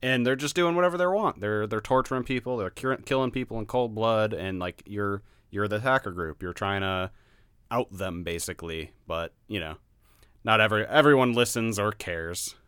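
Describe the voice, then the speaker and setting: Man, low and bright, blunt laughing game reviewer; crisp, dry close recording. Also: normal speed, no echo. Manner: laughing, blunt, swears freely. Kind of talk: casual podcast chat.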